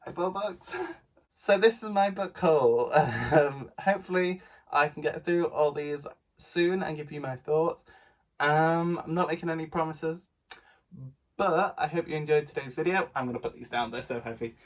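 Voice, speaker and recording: A man's voice: fairly high pitch, a little slow. Nasal, chatty young man vlogging. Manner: chatty, rambling with many ums and laughs. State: nasal from a cold. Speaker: book vlogger. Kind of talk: casual book haul vlog.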